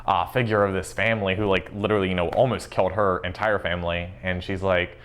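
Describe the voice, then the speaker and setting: A man giving a casual interview as a show fan, swearing freely, laughing often and filling pauses with ums. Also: low voice, fairly even intonation, fairly bright tone. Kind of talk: casual chat.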